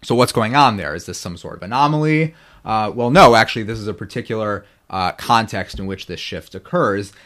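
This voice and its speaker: A man's voice: on the low side, brisk, fairly bright tone. A man lecturing on biblical Hebrew grammar in a rambling, self-correcting way. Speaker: guest scholar.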